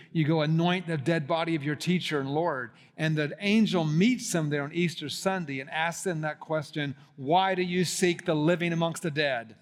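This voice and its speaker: A man preaching a sermon, teaching on a Bible passage and building to emphatic repeated questions. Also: a little high. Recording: long hall reverb.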